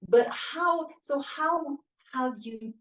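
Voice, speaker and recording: A woman co-host asking gentle, probing questions in casual chat. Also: high-pitched, drawn-out words. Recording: echoey room, mic at a distance.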